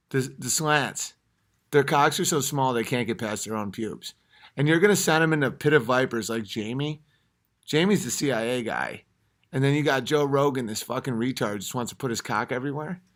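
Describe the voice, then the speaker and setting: A man hosting a podcast from his home at night, ranting and swearing heavily, swinging between yelling and low muttering. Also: moderate pace. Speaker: podcast host. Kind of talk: comedic rant.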